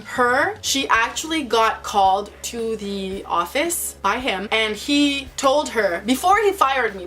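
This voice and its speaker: Young woman vlogger rambling through a storytime, kinda high voice, lots of likes and restarts. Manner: rambling, animated, many fillers and restarts. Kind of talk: casual storytime chat.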